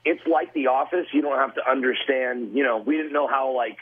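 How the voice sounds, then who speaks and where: A man in his forties calling into a radio show by phone, a relaxed, chatty storyteller. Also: medium pitch, fairly quick, slightly rough, narrow, tinny audio. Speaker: celebrity guest calling in. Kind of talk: phone interview.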